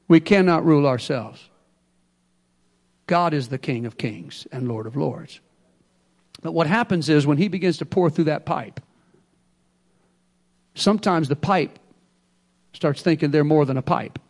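A man preaches in an emphatic, call-and-response style. His voice sits high for a man, and he moves from hushed stretches to strong, rising lines. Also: unhurried, long pauses. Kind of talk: sermon.

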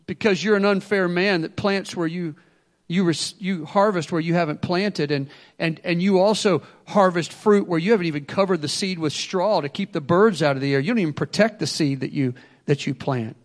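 Male pastor, high voice, energetic sermon that swings loud and soft. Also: moderate pace. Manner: energetic preaching, acts out excuses in quotes; swings between loud bursts and quiet asides.

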